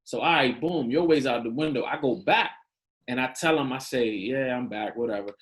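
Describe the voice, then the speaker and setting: A man's voice: mid-range voice, moderate pace. Man telling his story, casual slang. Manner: animated, acts out quoted dialogue, casual slang. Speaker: podcast guest. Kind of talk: candid storytelling in an interview.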